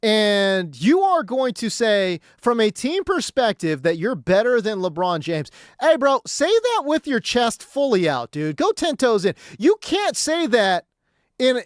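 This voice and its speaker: Animated slangy sports radio host man. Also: high voice, measured pace, dry recording, studio quality. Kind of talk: casual sports talk on stream.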